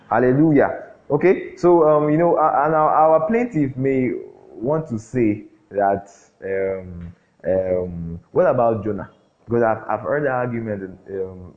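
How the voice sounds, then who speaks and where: A man preaching a sermon, often throwing questions at the congregation and filling pauses with "um". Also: fairly low pitch. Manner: call-and-response questions, frequent fillers. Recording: dull lo-fi recording.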